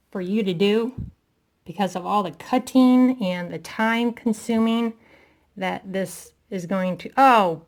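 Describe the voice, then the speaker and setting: Slow gravelly woman crafting, out of breath. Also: medium pitch, darkish tone. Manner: chatty, self-deprecating, talking while working. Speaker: crafting tutorial maker. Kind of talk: casual craft tutorial.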